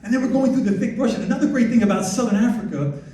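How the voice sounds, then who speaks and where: An excitable man with a high voice gives a lively presentation, bouncing between thoughts and interrupting himself. He sounds far from the mic, and his voice rings around a big echoey hall. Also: racing. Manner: excitable, animated, self-interrupting. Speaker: wildlife photographer giving a slide talk. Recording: distant echoey hall recording.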